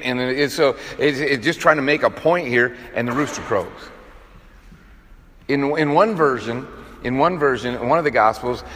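A man delivers a relaxed, folksy sermon, talking to the congregation like he's chatting with friends. His voice sits at an ordinary middle pitch. It rings out with a long reverb, as if in a large church hall. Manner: folksy, conversational storytelling with many fillers. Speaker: preacher. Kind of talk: casual sermon.

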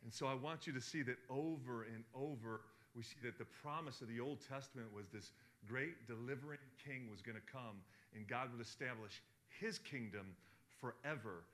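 A middle-aged man preaching a sermon, asking the congregation questions and swinging from hushed to loud. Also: medium pitch, normal speed. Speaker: pastor.

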